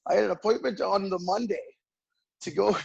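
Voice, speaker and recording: A man's voice: high-pitched, brisk, creaky, husky, highs cut off. A male comedian on a video call, rambling and swearing in a flustered, casual way. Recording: noisy home mic on a video call.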